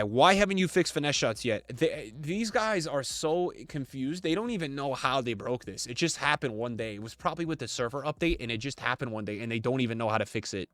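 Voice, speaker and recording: A young man giving casual, animated reaction commentary, reading chat messages aloud and laughing often as he reacts. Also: a little high, fast, hardly any pauses, dry recording, studio quality. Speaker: gaming content creator.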